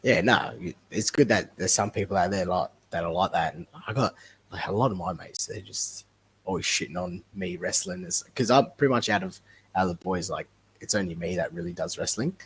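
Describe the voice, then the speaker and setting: A man's voice: sits low, fairly quick, slight background noise. A man, a wrestler talking casually as a podcast guest, rambling and laughing easily. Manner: relaxed, rambling, laughs often.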